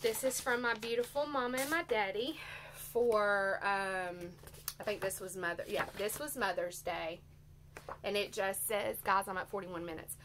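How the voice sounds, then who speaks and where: A woman's voice: medium pitch, steady tone, moderate pace, a little hiss or hum. Teary woman vlogging. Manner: warm, chatty, heartfelt. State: teary and emotional. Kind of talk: casual haul chat to viewers.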